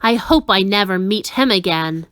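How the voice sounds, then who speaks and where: A woman's voice: mid-range voice, expressive, moderate pace, fairly bright tone, smooth, dry recording, lightly acted. A woman voicing an earnest young boy hero in a storybook reading, with a raised voice. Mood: upset.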